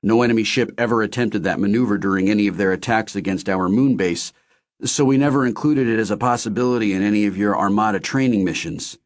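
A man's voice: fairly low pitch, quick pace, close to an everyday voice. A man voicing a cheerful middle-aged male company founder, friendly and gracious in an audiobook. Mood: reassuring.

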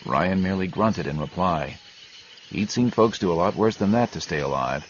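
Deep guy reading an audiobook, steady grim tone, muffled with faint hiss. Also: normal speed. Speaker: audiobook narrator. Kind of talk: scripted narration.

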